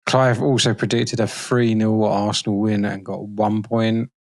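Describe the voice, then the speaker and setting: A man hosting a football podcast, reading out prediction scores in a brisk, teasing way. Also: fairly low pitch, little pitch movement, gravelly, darkish tone. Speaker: podcast host running the segment. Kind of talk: casual football chat.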